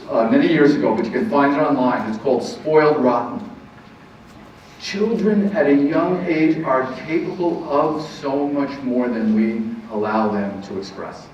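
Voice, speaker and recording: A lively middle-aged counselor with a fairly high voice gives a live parenting talk to an audience in a meeting room. He tells anecdotes and laughs easily. A distant room mic picks him up, so the sound is echoey and muffled, with slight background noise.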